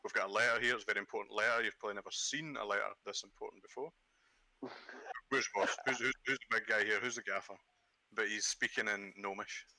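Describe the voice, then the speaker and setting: A man playing a tabletop game, telling jokes in an animated way. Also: lowish voice, fast, no echo, rough recording. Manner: animated, jokey storytelling. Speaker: player. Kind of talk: casual chat during a tabletop game.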